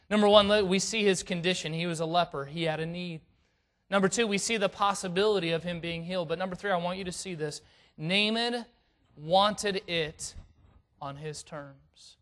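A man preaching a sermon and reading scripture aloud, swinging from hushed asides to loud, dramatic peaks. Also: high voice, brisk. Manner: reads scripture in King James wording.

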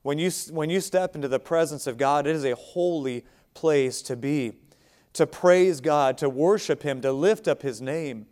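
A man's voice: fairly high pitch, moderate pace, darkish tone. An American man preaching a sermon, speaking in a conversational way with asides to the congregation. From United States. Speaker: pastor.

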